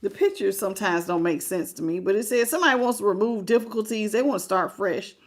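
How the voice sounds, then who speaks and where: A woman's voice: medium pitch, expressive, quick pace. A woman hosting a live tarot reading. She talks frankly and folksily, greets viewers by name and calls them baby. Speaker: tarot reader.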